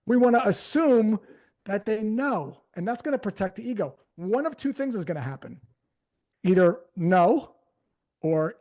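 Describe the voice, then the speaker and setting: A man coaching a sales team live on stage, energetic and conversational, acting out phrasings as he goes. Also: sits high, a little slow. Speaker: sales trainer. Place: on stage before an audience.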